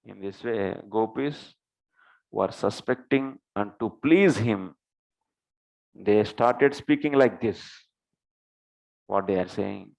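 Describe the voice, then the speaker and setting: Man, scripture lecturer, recites Sanskrit then explains, slow unhurried delivery. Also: lowish voice, gravelly, a little mellow, low-quality recording. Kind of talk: scripture class with Sanskrit verses.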